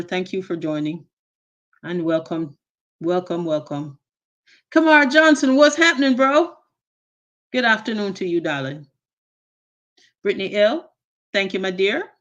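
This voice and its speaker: A chatty woman with a Jamaican accent hosts a casual live stream. She greets her viewers one by one with endearments and drops into patois now and then. Her voice sits in an ordinary middle pitch. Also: fairly bright tone. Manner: slips into patois phrases.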